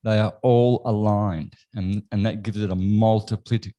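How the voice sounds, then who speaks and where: A man with a low voice hosts a casual interview. He speaks tentatively, restating his guest's ideas and checking that he has them right. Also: steady tone, normal speed, dark tone. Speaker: podcast host.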